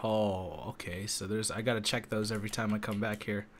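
A man chatting casually while playing a game with a friend, teasing and breaking into sudden excited yells. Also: fairly low pitch, brisk, a little hiss or hum. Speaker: gameplay commentator. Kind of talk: casual let's-play banter.

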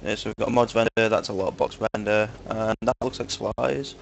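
Joking crudely with friends, a young gaming video host from Manchester, England, commentates on play in a chatty, filler-heavy way with a Manchester accent. His fairly low, creaky voice holds a steady tone and moves briskly with few pauses, and there is slight background noise.

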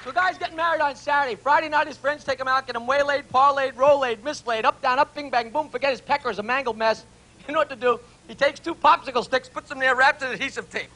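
A man's voice: very high-pitched, fast, bright, forceful tone, a faint crowd. A man on a club stage firing off dirty jokes, chuckling at his own punchlines. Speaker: stand-up comedian. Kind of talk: rapid-fire dirty jokes.

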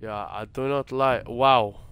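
A young man talks through a horror game in a middle-pitched voice. He swears, mutters prayers under his breath and reacts nervously to every noise. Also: steady tone, slow pace, fairly bright tone, smooth. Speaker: gaming streamer.

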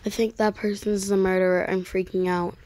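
A woman narrating her online game as she plays, excitable and easily frightened, giving running commentary. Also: medium pitch, a little fast, slight background noise. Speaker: gaming channel host. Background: dogs barking sometimes.

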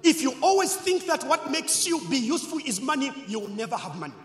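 A man preaching a sermon as pastor, leading call-and-response and swinging between loud shouts and quiet asides. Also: very high-pitched, sing-song, brisk. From Zambia. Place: church hall. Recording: echoey church hall.

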